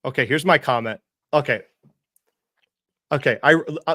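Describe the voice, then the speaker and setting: A man's voice: mid-range voice, normal speed, pauses often, bright, forceful tone, dry recording, studio quality. A man co-hosting an investing livestream, ranting with sarcasm, swearing and mocking impressions. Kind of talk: heated casual chat.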